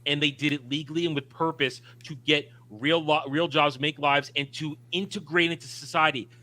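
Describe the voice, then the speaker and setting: A man's voice: on the high side, fairly even intonation, moderate pace, sharp tone. A man co-hosting a casual film discussion, talking emphatically and opinionatedly with frequent restarts. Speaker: podcast co-host.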